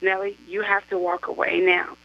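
A woman voicing an indignant adult woman who scolds her friend, reading aloud, her voice jumping high when she yells. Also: flat delivery, normal speed, gravelly. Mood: scolding. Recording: dull lo-fi radio sound.

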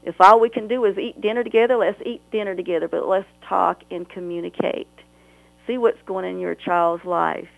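A woman's voice: mid-range voice, steady tone, brisk, vocal fry, no room sound, narrow, tinny audio. A woman author talking earnestly and emotionally as a guest on a radio interview, rambling at times.

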